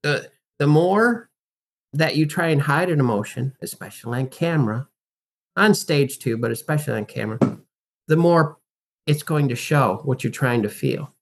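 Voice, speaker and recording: A man's voice: mid-range voice, expressive, normal speed. A man talking as a guest in an interview, an acting and life coach who speaks emphatically and animatedly and teaches through rhetorical questions. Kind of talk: casual interview talk.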